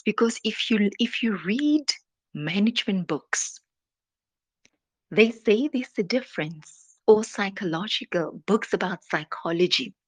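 Slow, soft-spoken woman. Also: lowish voice, husky. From South Africa. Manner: drawn-out words, trailing off to soft whispery endings. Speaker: devotional podcast host. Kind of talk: slow reflective devotional talk.

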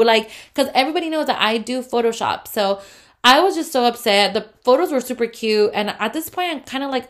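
A woman's voice: fairly high pitch, animated, a little fast. A young adult woman, a photographer, telling a heated, profane storytime rant full of fillers.

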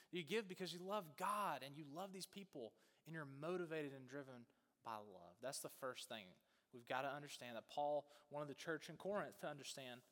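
A man preaching a sermon, telling a story in an animated way and acting out the voices. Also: on the high side. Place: church sanctuary. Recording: long church reverb.

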